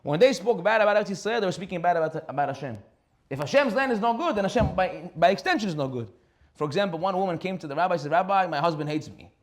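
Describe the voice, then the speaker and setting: Fast-talking, high-voiced rabbi preaching. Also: male voice. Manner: animated storytelling, rhetorical questions, laughs often. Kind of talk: sermon.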